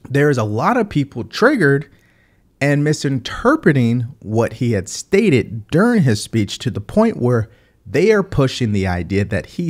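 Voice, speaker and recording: A man hosting a political commentary channel, speaking emphatically and addressing the viewer directly. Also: medium pitch.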